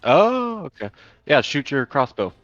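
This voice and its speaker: Game master, male, lowish voice, casual halting delivery, dull lo-fi call with music under it. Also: a bit bright, no echo. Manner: casual, stop-start, full of fillers. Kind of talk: narrating a tabletop game.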